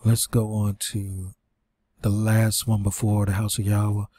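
Man, preaching and reading scripture, low pitch, breathy, short of breath. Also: level tone, a little slow, dark tone. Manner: reads scripture aloud with fillers and restarts, preaching asides. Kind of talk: informal scripture teaching.

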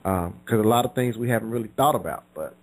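A man's voice: on the low side, fast, rough recording. A man co-hosting a faith radio talk show, talking in a laid-back, conversational way.

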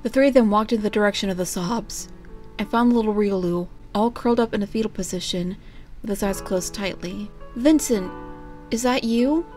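A woman at a middle pitch reads a storybook aloud in a steady, unhurried way. She sounds plain and even, with faint music playing underneath. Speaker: narrator. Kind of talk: fan fiction reading.

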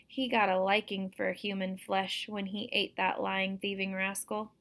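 A woman reading aloud, voicing an old country man who tells spooky tales in a slow, drawling way. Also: mid-range voice, little pitch movement, creaky, fairly bright tone. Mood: ominous.

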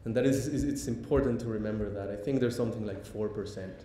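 A man giving a public lecture, pausing often with ums and restarting sentences. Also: mellow. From Mexico. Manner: halting, many ums and restarts. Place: lecture hall. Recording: echoey hall, faint rumble.

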